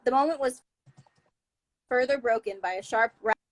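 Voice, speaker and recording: A woman's voice: on the high side, normal speed, no room sound, poor audio. A woman reading a novel aloud live over a video call, with small slips and restarts. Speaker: book reader. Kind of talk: live-streamed book reading.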